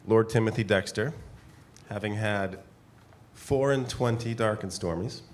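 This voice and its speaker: Guy doing a pompous blustery old-timey gentleman, ranting a letter, slow and grand. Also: on the low side, slight background noise, natural voice. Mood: blustering. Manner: bombastic declaiming with asides and laughs. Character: blustering pompous eccentric gentleman, man, middle-aged. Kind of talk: live theater reading of a period letter. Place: live performance hall with audience.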